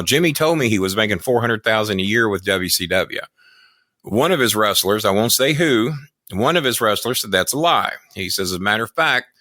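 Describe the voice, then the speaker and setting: A man's voice: on the low side, sharp tone, no echo, clean studio sound. An older American man, a podcast guest, telling long boastful and profane stories in casual chat. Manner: profane, boastful, rambling anecdotes. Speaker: podcast guest, former wrestling manager.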